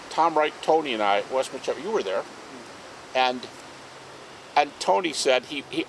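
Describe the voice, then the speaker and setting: A man speaking as a guest at an outdoor garden party, telling anecdotes in an animated way. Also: mid-range voice, slight background noise, low-quality recording. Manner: animated, acts out quoted speech. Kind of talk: anecdotal storytelling to a small group.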